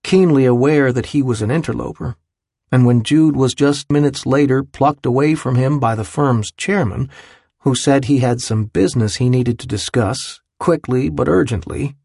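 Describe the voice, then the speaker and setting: Gravelly man narrating an audiobook. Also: mid-range voice, normal speed, darkish tone, no echo, studio quality. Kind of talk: scripted narration.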